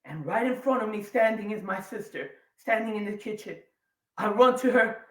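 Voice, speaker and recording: A man in his forties giving a keynote talk on stage, telling a personal story with dramatic pauses and sudden swings between quiet and loud. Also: high voice. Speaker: keynote speaker. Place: large event room or hall. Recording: echoey hall, voice a bit distant.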